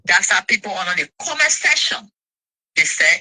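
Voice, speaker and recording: A woman, an interview guest telling her side of a dispute in an indignant, animated way. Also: medium pitch, moderate pace, slightly rough, no room sound, low-quality recording.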